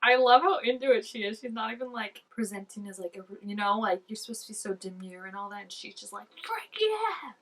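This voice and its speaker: A woman giving casual, excitable reaction commentary, full of "like" and dropping into soft asides. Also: medium pitch, fast talker, hardly any pauses, recorded from a distance, low-quality recording. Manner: chatty and excitable, peppered with "like", drops to soft asides. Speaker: reaction video host.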